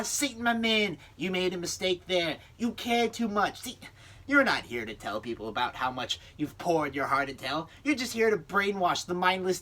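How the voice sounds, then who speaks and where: Young man doing a high, goofy laid-back bro. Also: bright, forceful tone, exaggerated voice. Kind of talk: speech-team comedy performance.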